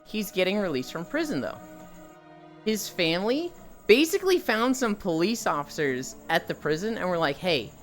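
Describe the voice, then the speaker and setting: A live streamer walks steadily on a treadmill at normal speed, telling animated, loosely structured stories to viewers. His pitch jumps expressively as the tales build, casual swearing slips in, and soft music hums behind him.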